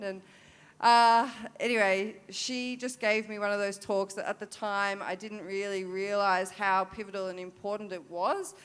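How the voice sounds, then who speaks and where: An Australian woman in her thirties tells a story from her riding career with open candour. Her voice is smooth and clear, set at a middle pitch, and she often restarts her sentences and fills pauses with "um" and "you know.". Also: fairly even intonation, a bit bright. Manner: candid, with many fillers and restarts. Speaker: para-dressage rider. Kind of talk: storytelling talk at a forum.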